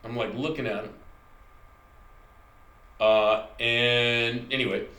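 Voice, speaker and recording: A man's voice: medium pitch, level tone, slow pace, bright, forceful tone. A middle-aged man hosting his channel, telling a personal story in a rambling, conversational way and correcting himself as he goes. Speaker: channel host. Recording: echoey room recording with faint ambience.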